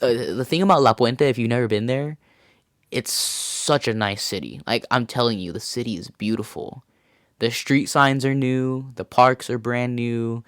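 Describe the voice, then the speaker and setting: A man's voice: medium pitch, fairly bright tone, no echo, studio quality. A man hosting a casual show, telling a rambling, profane story with restarts and laughs. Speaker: host.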